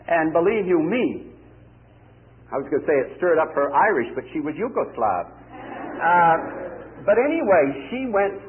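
A man preaching a sermon, telling a story in a lively way and acting out the people he quotes. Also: on the high side. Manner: animated storytelling, acts out quoted voices. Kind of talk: sermon with anecdote. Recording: tinny lo-fi cassette tape.

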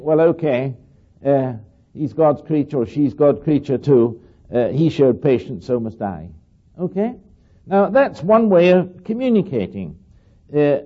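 An older man gives a rambling, anecdotal talk, chatting with his audience, often quizzing them and acting out little voices. His medium-pitched voice has a breathy edge, and the recording's highs are cut off.

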